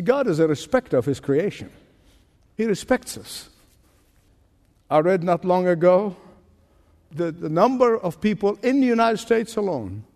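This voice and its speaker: A man preaching a sermon with emphatic delivery, drawing out key phrases and swinging his pitch up and down for emphasis. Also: darkish tone, long reverb tail. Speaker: pastor.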